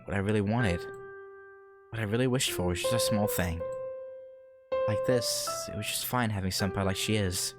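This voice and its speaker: A man with a very low voice reads a visual novel aloud, slow and earnest. He breaks in now and then with joking asides. Loud piano music plays behind him. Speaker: let's play host.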